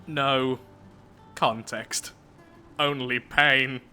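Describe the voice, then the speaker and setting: A man's voice: medium pitch, fairly even intonation, drawn-out words, bright, forceful tone, faint music behind. A man commenting casually on his own gameplay as he builds, thinking aloud in a chatty, self-mocking way. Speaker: let's play gameplay host.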